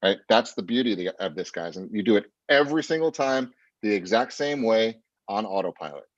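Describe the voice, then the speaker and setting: A man's voice: lowish voice, animated, brisk, no echo. Blunt man coaching a sales team. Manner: punchy and blunt, keeps asking "right?". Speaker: sales trainer. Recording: dull, dry, lo-fi sound.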